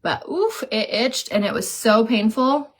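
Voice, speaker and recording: A woman's voice: a little high, animated, measured pace. A woman chatting casually during a live makeup stream, reading viewer comments aloud and telling stories. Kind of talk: casual live chat while doing makeup.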